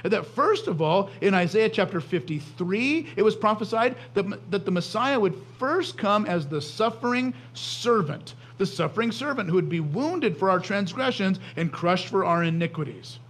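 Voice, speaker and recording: Male pastor, fairly high voice, preaching, halting restarts, middle-aged. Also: lively intonation, a bit bright. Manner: frequent stammering restarts. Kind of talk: sermon.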